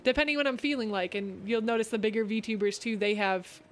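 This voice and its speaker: A woman's voice: a little high, fairly even intonation, a little fast. A woman hosting a casual creator talk stream, reading viewer questions and giving encouraging advice. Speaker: host. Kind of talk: casual chat.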